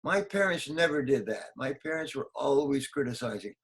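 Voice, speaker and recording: A man's voice: mid-range voice, expressive, normal speed, fairly bright tone, poor audio. An older man, a motivational speaker, answering interview questions in an emphatic way, repeating key phrases and acting out quotes.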